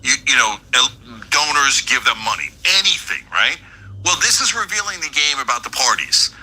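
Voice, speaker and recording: A man's voice: mid-range voice, lively intonation, moderate pace, bright, forceful tone, breathy edge, poor audio. A man hosting a show with heated, ranting political commentary. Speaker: host.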